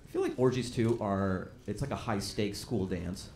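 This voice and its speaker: A man performing a stand-up comedy set on a club stage, talking conversationally and jumping into loud acted-out quotes for punchlines. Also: on the low side, normal speed. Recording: echoey club room with crowd noise. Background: audience laughter.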